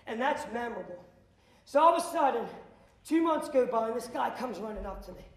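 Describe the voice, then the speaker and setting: A man speaking as a motivational speaker to students, telling a story with lots of energy. He acts out the dialogue and now and then bursts into shouts. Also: very high-pitched, lively intonation, brisk, reverberant. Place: school auditorium.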